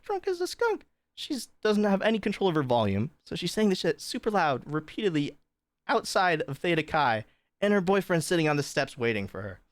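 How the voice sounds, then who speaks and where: A man's voice: fairly high pitch, no echo. Chatty young man telling a story on stream. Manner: chatty, swearing, animated retelling with many fillers. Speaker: livestream host. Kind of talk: casual storytelling to a live chat.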